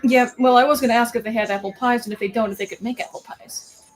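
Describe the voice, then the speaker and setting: A woman's voice: a little high, fairly even intonation, fast talker, rough recording. A woman playing a tabletop role-playing game, chatting in an upbeat way. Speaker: player. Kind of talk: casual tabletop play.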